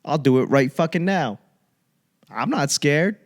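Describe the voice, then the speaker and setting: A man's voice: a little high, a little slow. Profane rambling young man, comic monologue. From Boston area, USA. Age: young adult. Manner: rambling, profane, animated impressions of others. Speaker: comedian podcast host. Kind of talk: casual comedic monologue.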